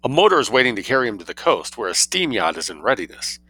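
A man voicing a suave, mischievous young man who spins outrageous tales with cool calm. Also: medium pitch, fast talker, no echo. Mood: sly, unruffled.

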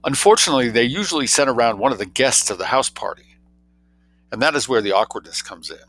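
A man reading an audiobook, voicing a droll young gentleman who tells tall tales in an arch, quick, mock-grave way. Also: mid-range voice, animated, pitched above the performer's own voice, lightly acted, rough recording.

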